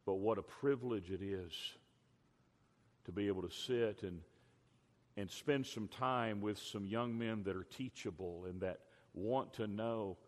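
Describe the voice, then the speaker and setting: An older man preaching a sermon as a pastor, emphatic, drawing out key words slowly. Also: fairly low pitch, darkish tone. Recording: long hall reverb.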